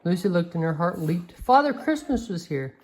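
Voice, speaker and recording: A woman reading a picture book aloud to a child, gentle and expressive, with a few slips and restarts. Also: on the low side, moderate pace, a little hiss or hum, poor audio. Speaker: reader.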